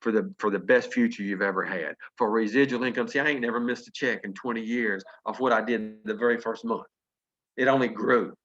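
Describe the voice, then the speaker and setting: A man's voice: fairly low pitch, brisk, fairly bright tone, dull audio. A Southern man in his fifties from North Carolina, telling earnest, folksy stories as a motivational speaker on a video call. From North Carolina, USA. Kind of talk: motivational storytelling.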